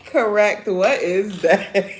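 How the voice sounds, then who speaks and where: A woman hosting a casual livestream, chatting in slang and often breaking into loud laughter. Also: medium pitch, lively intonation, very slow, roomy sound, a little hiss or hum. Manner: gossipy, bursts into loud laughter; chatty, slangy, talks while doing her nails. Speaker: livestream host.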